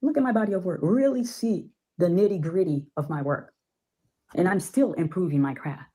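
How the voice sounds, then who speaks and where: A woman from Ohio speaks as a podcast guest, her voice low and husky. She talks emphatically, circling back and repeating words to drive her points home in a loose, conversational way. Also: moderate pace, warm tone, low-quality recording. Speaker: guest filmmaker. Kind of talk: casual podcast talk.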